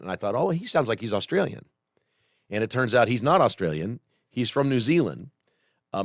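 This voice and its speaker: A man hosting a talk radio show, speaking in an earnest, conversational monologue that turns animated when he gets worked up. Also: fairly low pitch, dry recording, clean studio sound.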